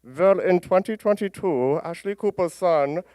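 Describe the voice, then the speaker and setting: A man voicing a sassy, boastful male celebrity goose mascot in a campy comic skit, with a smooth, clear voice. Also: sits high, unhurried, dark tone, no room sound.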